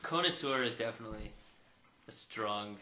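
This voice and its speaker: A man's voice: on the low side, moderate pace, sharp tone, a little hiss or hum. A man talking as a podcast guest about coffee, laid-back and opinionated. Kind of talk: casual chat. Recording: roomy echo.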